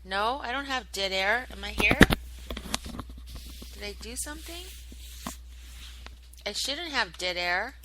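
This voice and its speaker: A woman's voice: mid-range voice, animated, slow pace, long pauses, noisy background. A woman hosting her own internet radio show, chatting casually and rambling with lots of fillers and swearing. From United States. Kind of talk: casual solo chat, answering listener chat.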